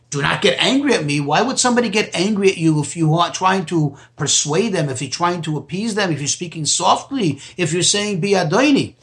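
A man teaching a text study lesson in a deliberate, explanatory way, repeating key phrases for emphasis. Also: high voice, lively intonation, fairly bright tone. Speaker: Torah teacher.

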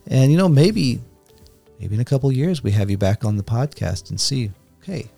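A man hosting a podcast, wrapping up an interview in an affirming, slightly halting way. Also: medium pitch, animated, creaky, dark tone, soft background music. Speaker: podcast host. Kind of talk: conversational interview wrap-up.

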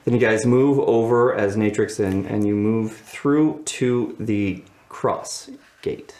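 Very deep-voiced woman game master. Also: slow pace, warm tone, reverberant. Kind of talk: narrating a tabletop game.

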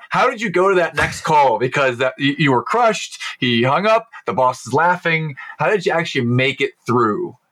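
A man's voice: mid-range voice, fairly bright tone. A man hosting a podcast who asks his guest questions in an eager, earnest way. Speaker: podcast host. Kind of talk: casual interview.

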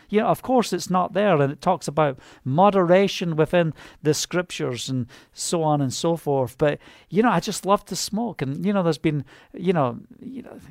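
A man's voice: high voice, gravelly, no room sound, clean studio sound. A man minister giving a personal testimony sermon, fervent and rambling, with many "you know" fillers.

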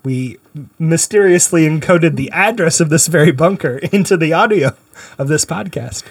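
A man's voice: on the high side, moderate pace, slightly rough. A man co-hosting a podcast, teasing the others playfully in casual banter. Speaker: podcast co-host.

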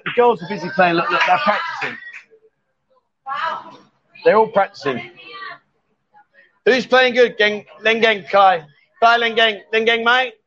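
A man's voice: high voice, fairly bright tone, dull audio. A man hosting a casual live-stream chat, teasing his co-host and laughing often.

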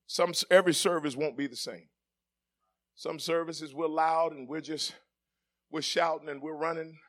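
A middle-aged male pastor, preaching a sermon that swings from soft, joking asides to the congregation to shouted climaxes. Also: a little high, fairly even intonation, normal speed. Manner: jokes with the congregation, laughing.

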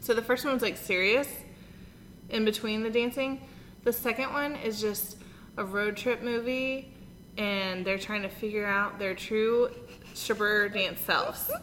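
A woman's voice: medium pitch, steady tone, unhurried, fairly bright tone. A woman in her thirties co-hosting a casual chat, bubbly and giggly as she retells things. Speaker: podcast co-host. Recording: roomy reverb with faint noise.

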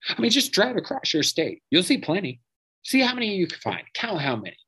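A man's voice: high voice, wildly swooping pitch, fairly quick, sharp tone, a little hiss or hum, poor audio. A man hosting a podcast, delivering a profane, sarcastic political rant and mocking his targets. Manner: sarcastic, mocking, swears freely. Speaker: podcast host.

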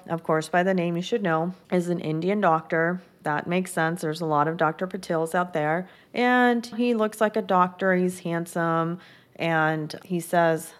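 A woman with a slightly low-pitched voice hosts her own podcast and talks straight to her listeners. She recaps an episode in a chatty, upbeat manner and voices the characters' lines as she tells the story. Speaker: podcast host. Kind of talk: casual solo podcast recap.

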